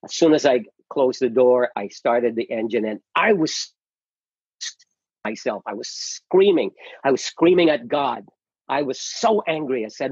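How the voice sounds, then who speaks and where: Husky middle-aged man on a dull call. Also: medium pitch, lively intonation, a little slow, a little mellow, no echo. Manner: earnest and emotional, with many restarts and repeated words. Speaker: actor, interview guest. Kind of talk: casual interview storytelling.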